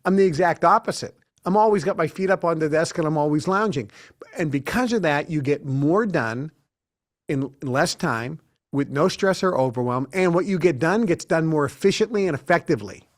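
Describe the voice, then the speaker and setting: A middle-aged man speaking as a guest on an interview show, his voice sitting a little high for a man. He tells stories with animation and slips into acting out the people in them. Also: normal speed. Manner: animated storyteller who acts out quotes. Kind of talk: casual interview talk.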